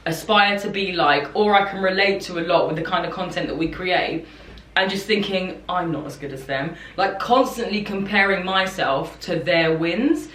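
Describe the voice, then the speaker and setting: A woman's voice: fairly low pitch, moderate pace. A young woman talking candidly and ramblingly to camera in a confessional vlog. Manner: rambling, candid, self-reflective. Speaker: content creator. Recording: echoey room, distant mic, soft music.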